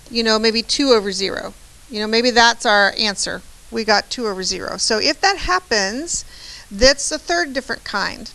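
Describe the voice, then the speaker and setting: A woman's voice: a little high, sharp tone, poor audio. A woman math teacher giving a chatty, encouraging lecture, often checking in with "right?". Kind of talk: classroom lecture.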